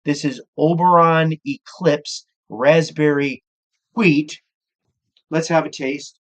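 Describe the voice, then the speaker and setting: A middle-aged man with a Midwestern American accent hosts his own cooking show, chatting casually between tasks. He rants like a gruff, profane curmudgeon. His voice sits a little high for a man. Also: fairly even intonation, slow pace, a bit bright.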